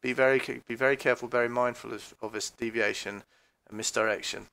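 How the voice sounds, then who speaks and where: A man's voice: fairly even intonation, fast talker, creaky, sharp tone. A man giving casual, mocking commentary on a police recording, swearing freely and now and then mimicking voices. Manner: mocking, mimics voices with sudden high outbursts.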